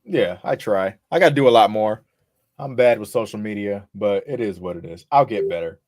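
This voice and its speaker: A man talking as the guest on a casual podcast interview, laid-back and relaxed, swearing now and then as he talks. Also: lowish voice, a little fast, dry recording, clean studio sound. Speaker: rapper guest.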